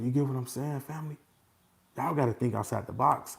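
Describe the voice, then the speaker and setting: Animated man ranting to his followers. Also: medium pitch, fairly quick, creaky. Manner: animated and repetitive, slipping into laughter. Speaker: vlogger addressing his followers. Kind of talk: casual unscripted monologue.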